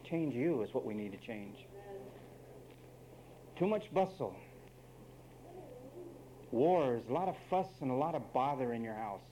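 A man's voice: mid-range voice, expressive, a little slow, long pauses, dark tone, a little hiss or hum, poor audio. A man preaching a sermon, emphatic and wry, speaking straight to the men and women of his congregation.

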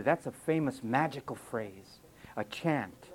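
At normal speed, a man with a voice on the high side preaches an emphatic sermon over a rough recording. His pitch rises and falls lively, and he often echoes listeners' remarks in mock voices.

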